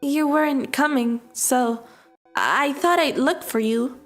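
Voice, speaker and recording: A woman's voice: sits high, slow pace, faint music behind. A woman voicing a protective teenage schoolgirl, firm and insistent. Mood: earnest. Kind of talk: voicing a visual novel.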